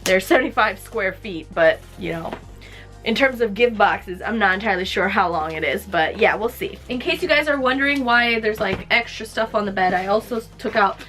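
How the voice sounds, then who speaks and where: A woman's voice: medium pitch, expressive, moderate pace, bright, forceful tone, soft background music. Chatty heartfelt woman in her twenties. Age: 20s. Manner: chatty and heartfelt, filler-heavy. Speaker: lifestyle vlogger. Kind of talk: casual chat while wrapping gifts.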